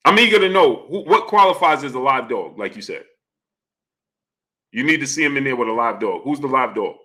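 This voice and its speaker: Guy hosting a sports stream, bouncy pitch, keeps asking the chat the same thing, greets everybody by name. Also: a little fast. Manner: animated, repeats questions, greets chatters by name. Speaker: boxing livestream host. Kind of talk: casual livestream commentary.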